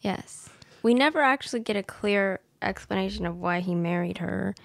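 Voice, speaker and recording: A woman's voice: medium pitch, moderate pace, vocal fry, dry recording. A woman co-hosting a casual movie review chat, explaining and correcting in a matter-of-fact way. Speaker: podcast co-host.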